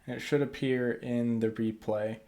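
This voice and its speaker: A man's voice: mid-range voice, steady tone, moderate pace, warm tone. A man streaming a video game, chatting casually with many fillers.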